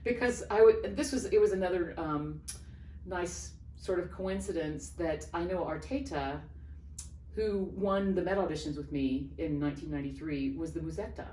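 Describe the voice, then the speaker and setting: A middle-aged woman, an opera singer, telling an animated backstage story in a casual interview and acting out the voices of the people in it. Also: on the low side, moderate pace. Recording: roomy, distant mic, faint background noise.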